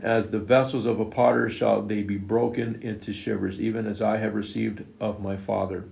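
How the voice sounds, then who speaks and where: Male preacher, gravelly voice, emphatic sermon delivery, roomy echo. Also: fairly low pitch, flat delivery, moderate pace, hardly any pauses, darkish tone. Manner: emphatic, retells scripture in plain everyday words. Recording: echoey room.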